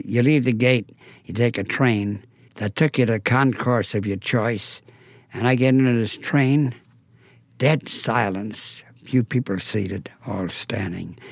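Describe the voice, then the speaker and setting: A man's voice: medium pitch, dry recording. A talkative man telling a story in an archived interview, theatrical and acting out the voices. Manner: theatrical, acts out voices and drops to near silence for effect; talkative, self-described gabby. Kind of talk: animated storytelling.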